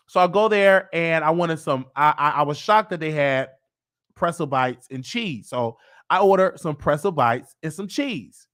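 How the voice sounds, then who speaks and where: A man's voice: on the high side, fairly bright tone, clean tone. A man hosting his show, telling a long story in a rambling casual way, with many repeats and restarts. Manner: rambling, repeats himself, quotes people with changing voice. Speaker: host. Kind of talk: casual monologue.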